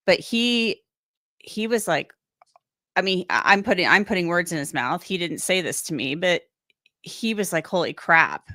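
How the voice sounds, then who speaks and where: A woman's voice: on the low side, a bit bright, no room sound, studio quality. Chatty woman hosting a crime podcast. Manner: chatty, rambling, acts out quotes. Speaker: true crime show host. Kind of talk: casual podcast discussion.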